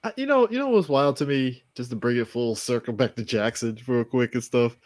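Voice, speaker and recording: A man with a mid-range voice tells an excitable, laughing story as a podcast co-host. The sound is close and dry, with no room echo at all. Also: medium pitch, brisk. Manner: excitable, laughs through his own story. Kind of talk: casual chat.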